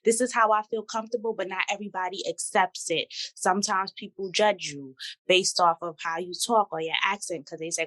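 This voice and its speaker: A woman's voice: fairly low pitch, normal speed, no echo, low-quality recording. A woman with a New York accent from Brooklyn, a podcast guest talking frankly and casually. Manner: lively, frank, switches between speech registers. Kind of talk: candid casual conversation.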